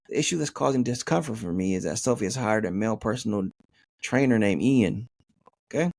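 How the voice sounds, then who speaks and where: Gravelly, husky male podcast host. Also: mid-range voice, a little mellow, no echo, clean studio sound. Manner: joking and profane, says "man" constantly. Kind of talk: casual podcast monologue reading a listener email.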